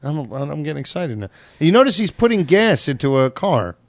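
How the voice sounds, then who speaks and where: A man's voice: on the high side, sing-song, normal speed, no room sound. A man co-hosting a casual, crude comedy chat, laughing often and swearing freely. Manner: laughing, profane, puts on gruff voices for jokes. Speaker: podcast co-host.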